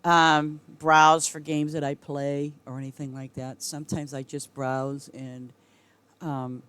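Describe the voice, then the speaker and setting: A woman's voice: low-pitched, level tone, slow, a bit bright, clean tone. Giggly rambling middle-aged woman streamer. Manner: rambling and giggly, often trailing off with laughs. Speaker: game streamer. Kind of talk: casual chat with viewers while gaming.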